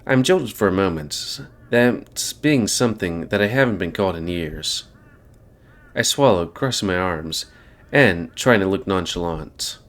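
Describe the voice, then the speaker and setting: A man's voice: low voice, lively intonation, measured pace. A man hosting a let's-play, reading a visual novel aloud with wry, offhand asides. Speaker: gaming channel host. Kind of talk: let's-play narration and commentary.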